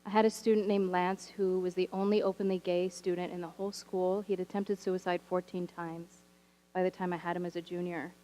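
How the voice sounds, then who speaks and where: A woman teacher telling stories from her classroom in a church sermon, animated and wry, with humorous asides. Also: lowish voice, a little fast, rough recording. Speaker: teacher sharing a story from the pulpit. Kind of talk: storytelling sermon. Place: church sanctuary.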